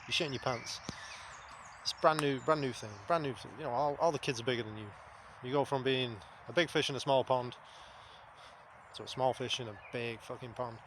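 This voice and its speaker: A man's voice: mid-range voice, fairly quick. Man, 30s, blunt, swears a lot, faint background noise. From England. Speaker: vlogger. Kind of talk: casual spoken monologue.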